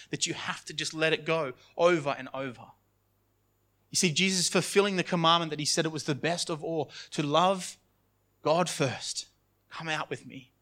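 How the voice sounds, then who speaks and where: A man preaches in a church with an earnest, pleading delivery. His voice sits a little higher than most men's. He repeats phrases and often lets them fall soft and low. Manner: earnest, repetitive preaching with restarts and sudden soft drops. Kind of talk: sermon.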